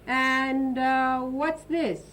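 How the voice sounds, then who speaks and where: A woman's voice: high-pitched, fairly even intonation, extremely slow, a bit bright, low-quality recording. A woman hosting an English lesson for Italian learners, chatting and explaining, now and then translating into Italian. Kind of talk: casual classroom teaching.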